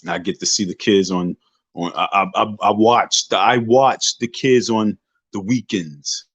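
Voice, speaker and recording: A man's voice: fairly low pitch, steady tone, unhurried, a bit bright, breathy edge, dry recording. A man lectures his livestream chat in a preachy, emphatic way. He hammers the same points again and again and swears as he goes. His voice comes through dull and lo-fi, dry and close with no room sound. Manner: emphatic, preachy, repeats himself, profane. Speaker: livestream host. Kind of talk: casual livestream rant.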